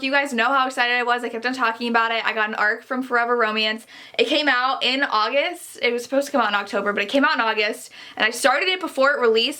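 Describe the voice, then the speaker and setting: Bright, chatty young woman book vlogger. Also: on the high side. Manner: rambling, chatty, gushing and exasperated. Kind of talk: casual book review chat.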